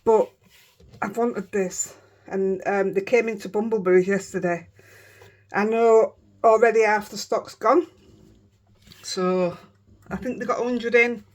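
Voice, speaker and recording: Excited chatty Yorkshire woman. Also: medium pitch, a little slow, long pauses. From Yorkshire, England. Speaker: crafting vlogger. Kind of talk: casual show-and-tell chat.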